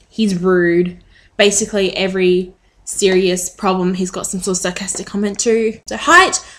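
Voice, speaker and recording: A woman's voice: mid-range voice, fairly bright tone. A woman chatting casually to the camera in a rambling way with frequent ums. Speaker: vlogger.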